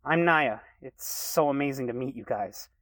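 A man's voice: moderate pace, fairly bright tone, no echo, close to an everyday voice. A man voicing a confident, easygoing young woman fan in a read-aloud story. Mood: friendly. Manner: friendly, easygoing, raised pitch.

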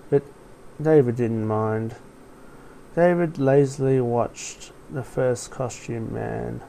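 Slow, gravelly male story narrator. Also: medium pitch, warm tone, a little hiss or hum, poor audio.

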